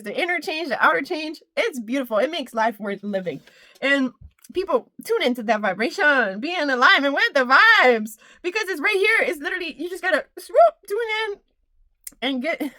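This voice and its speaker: A woman's voice: high voice, expressive, normal speed, sharp tone, no echo. A woman giving a casual spiritual pep talk. She is exuberant, laughs often and strings her phrases into rhythmic lists. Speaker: spiritual channel and motivational speaker.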